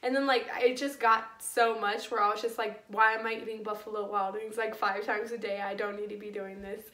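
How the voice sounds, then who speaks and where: A woman's voice: mid-range voice, little pitch movement, a little fast, pushed and bright. A young woman vlogger telling a personal story in a casual, rambling way, full of "like" and restarts, swearing freely. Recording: echoey room, a bit far from the mic.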